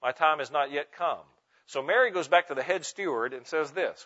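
Emphatic preacher, muffled sound. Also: male voice, fairly high pitch, bright, forceful tone. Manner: emphatic, slows and stresses single words. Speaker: preacher teaching pastors. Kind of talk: sermon teaching on Bible meditation.

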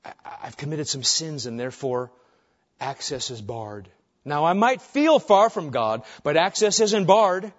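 A man's voice: on the high side, expressive, a little slow. A man preaching a sermon as pastor, earnest and driving his point home with short repeated phrases. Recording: dull lo-fi recording.

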